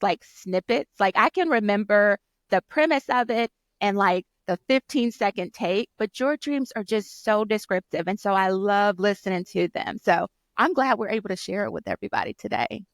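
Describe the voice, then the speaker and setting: A woman co-hosting a casual chat podcast, encouraging and quick to laugh. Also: medium pitch, no room sound. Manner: warm, encouraging listener, laughs easily. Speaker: podcast co-host.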